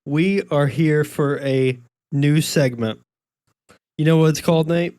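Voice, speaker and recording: A man's voice: fairly high pitch, a little slow, a little mellow, no room sound, studio quality. A man hosting a casual podcast, bantering and joking with his co-host.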